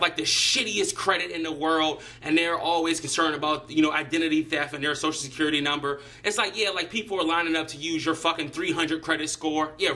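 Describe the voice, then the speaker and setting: A man's voice: fairly high pitch, sharp tone. A man delivering a profane, sarcastic comedic rant to camera, mocking people and sometimes putting on voices. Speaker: vlogger.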